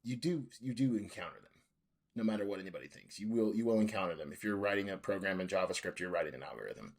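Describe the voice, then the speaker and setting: A man's voice: low-pitched, lively intonation, fast talker, breathy edge. A man who is a guest on a podcast, talking in an earnest, casual way and repeating his points. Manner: earnest, repeats himself, says "man" a lot. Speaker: podcast guest, junior developer. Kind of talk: casual interview chat.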